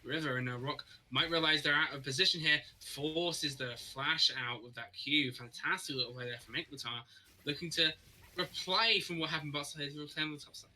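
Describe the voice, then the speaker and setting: A man calling an esports match live in a very bright, forward voice that sits a little high for a man. He reacts quickly to the action and trips over repeated words when excited. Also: slight background noise, poor audio. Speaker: esports caster. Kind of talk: live play-by-play commentary.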